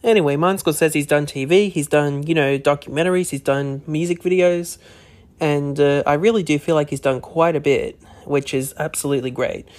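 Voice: medium pitch, moderate pace, a little mellow. A podcast host talking alone in a casual, rambling way, with many "you know" and "uh" fillers. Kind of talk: casual solo podcast talk.

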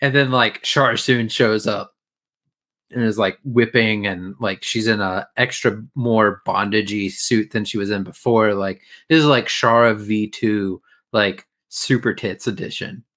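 A man's voice: on the low side, fairly even intonation, measured pace, fairly bright tone. A man chatting casually as a podcast co-host, recapping an episode in a rambling, crude way full of fillers. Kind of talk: casual chat.

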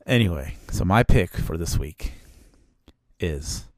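A man putting on a low gravelly seducer. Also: expressive, crowd noise, heavily acted. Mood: mock-seductive. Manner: slow, mock-seductive.

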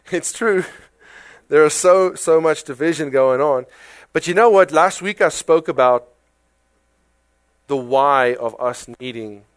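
A man with a South African accent preaching a sermon in a conversational, animated way, full of rhetorical questions. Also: on the high side, slow, pauses often, dry recording. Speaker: pastor.

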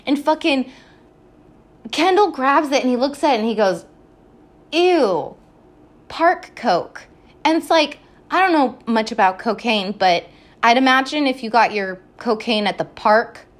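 A woman hosting a podcast, recapping a TV show in a rambling, casual way, swearing a lot and laughing often. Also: fairly high pitch. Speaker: podcast host.

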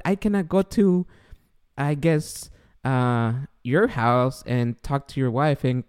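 A man's voice: fairly high pitch, a little slow, darkish tone, smooth. Joking man hosting a casual podcast. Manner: joking, curious, loose and profane. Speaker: podcast host.

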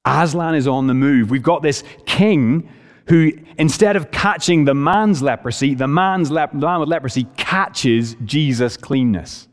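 A man preaching a sermon in an earnest, emphatic way, speeding up and slowing down to stress his points. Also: a little high. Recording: preached in a reverberant hall.

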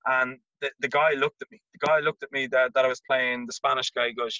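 Irish man, bright forceful voice, animated storyteller, repeats words, dry muffled sound. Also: mid-range voice, brisk, few pauses, no room sound. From Ireland. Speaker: guest, former college tennis player. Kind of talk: casual storytelling interview.

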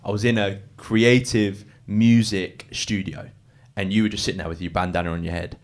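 Earnest man, low voice. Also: little pitch movement, moderate pace. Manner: earnest, gushing, restarts often. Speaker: guest. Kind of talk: emotional casual chat.

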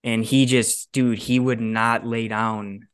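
A young man in his twenties, co-hosting a podcast and telling a story in a casual, animated way, swearing often and acting out what others said. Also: mid-range voice, slow pace, smooth, no echo, studio quality. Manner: animated, swears a lot, acts out quotes. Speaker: podcast co-host.

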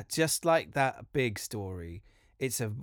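Lively-voiced male podcast host. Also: medium pitch, slow pace, dry recording, clean studio sound. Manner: chatty, laughs often, tells his own stories. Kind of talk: casual podcast chat.

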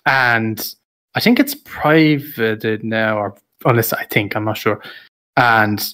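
A man's voice: on the low side, slow, pushed and bright. A man who makes videos, in casual chat, thinking aloud and unsure of details. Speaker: content creator.

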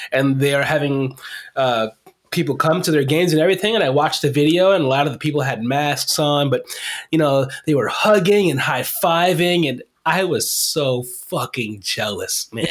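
A man with a slightly high voice hosts a loose, casual soccer podcast. He swears freely, laughs often and trips over hard names as he rambles through his story. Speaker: podcast host.

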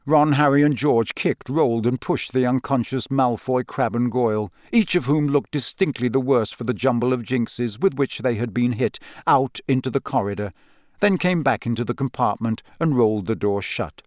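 A man's voice: medium pitch, normal speed, darkish tone, dry recording, clean studio sound. Man reading a story aloud. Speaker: audiobook narrator. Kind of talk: scripted narration.

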